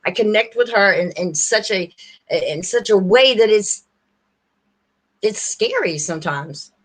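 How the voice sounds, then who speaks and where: A woman hosting a livestream, rambling warmly and earnestly straight to her viewers in casual chat. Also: mid-range voice, expressive, measured pace. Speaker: livestream host.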